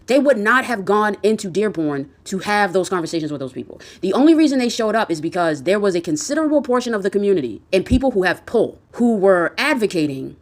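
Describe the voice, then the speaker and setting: A woman delivers fierce social commentary straight to her audience. She is blunt and swears freely, stacking up heated rhetorical questions in a voice of ordinary middle pitch.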